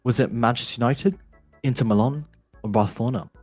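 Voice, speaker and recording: Husky-voiced man hosting a quiz. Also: mid-range voice, a little fast, a little mellow, faint music behind. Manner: playful, rambling, jokey asides. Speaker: quiz show host. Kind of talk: casual podcast quiz hosting.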